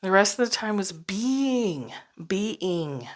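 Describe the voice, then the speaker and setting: A woman's voice: mid-range voice, animated, slow pace. A woman hosting a solo podcast, talking casually and reflectively, laughing often and dropping into whispered asides. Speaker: podcast host.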